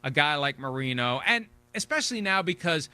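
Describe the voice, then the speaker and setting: A man in his sixties holds forth on a sports talk show with a bright, forceful voice pitched a little high. He talks casually and rambles, doubling back on words as he goes. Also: very animated, a little fast, clear, resonant tone. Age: 60s. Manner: rambling, repeats words when restarting.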